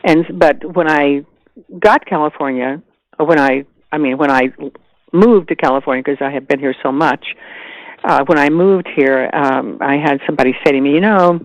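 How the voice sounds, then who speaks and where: An older woman from the American South, an actress chatting as a guest in an animated way, with frequent restarts. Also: deep voice, normal speed, dry recording, rough recording. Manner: animated, chatty, laughs easily, many restarts. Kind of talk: casual interview chat.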